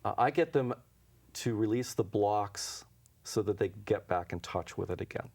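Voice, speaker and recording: A fairly low, slightly mellow male voice speaks at a moderate pace. The speaker, an intuition teacher, is being interviewed in a local TV studio, where he spins easygoing stories, voices each exchange, and keeps breaking into chuckles.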